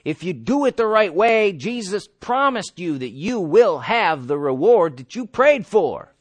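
A man with a notably high voice preaches a sermon with emphasis, tossing out questions and answering them himself. His delivery is insistent, with an occasional chuckle. The recording is close and dry, with no room sound. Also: sing-song, a little slow, husky, no echo.

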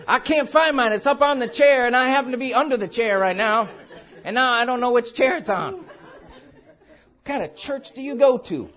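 Preaching with charisma at a church service, this man chuckles his way through each line, animated and full of play. His pitch is very high, and he talks at an ordinary speed.

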